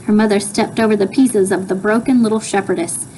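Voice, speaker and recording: A woman reading a children's book aloud with expressive storytelling. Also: medium pitch, brisk, slight background noise, poor audio. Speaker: reader.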